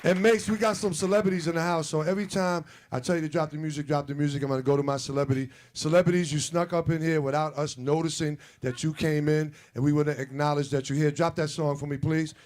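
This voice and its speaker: A man hosting a live comedy show, working the crowd loudly and half-singing lines over the music. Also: on the high side, fairly even intonation, quick pace, hardly any pauses. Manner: hype, loud, calls out to the audience. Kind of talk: live stand-up crowd work. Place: comedy club stage before a live audience. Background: hip hop music.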